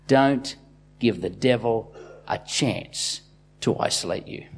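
A man preaching a sermon as a pastor, swinging between loud, impassioned bursts and quiet, intimate asides. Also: fairly low pitch, slight background noise.

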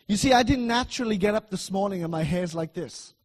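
A middle-aged man preaching a sermon in a church, emphatic and repetitive, swinging between loud declarations and soft asides. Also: high-pitched, quick pace.

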